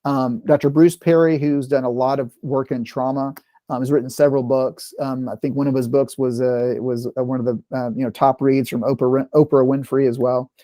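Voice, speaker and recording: Mellow-voiced man leading a parent workshop. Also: mid-range voice, flat delivery, moderate pace, no room sound, studio quality. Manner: conversational, with frequent "right?" check-ins. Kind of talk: informal talk to parents.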